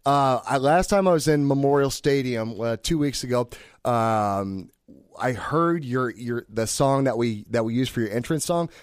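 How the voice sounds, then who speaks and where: A man's voice: mid-range voice, moderate pace, clear, resonant tone, dry recording, studio quality. A man hosting a sports podcast, chatting in an easygoing, joking way. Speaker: podcast host. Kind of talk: casual podcast chat.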